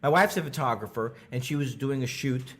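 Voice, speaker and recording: A middle-aged male comedian telling stories as a podcast guest, animated and full of restarts. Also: a little fast. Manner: animated, many restarts, bursts into high character voices. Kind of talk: storytelling conversation.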